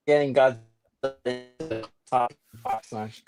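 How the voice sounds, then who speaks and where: A man's voice: medium pitch, normal speed, music in the background. Easygoing man chatting on a podcast. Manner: easygoing, hesitant with fillers. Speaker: podcast guest. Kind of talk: casual chat.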